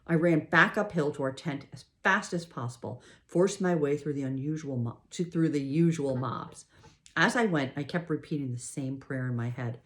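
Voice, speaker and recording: A woman narrating a first-person story aloud, expressive and emotional in her reading. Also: deep voice, moderate pace. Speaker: audiobook narrator. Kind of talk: scripted narration.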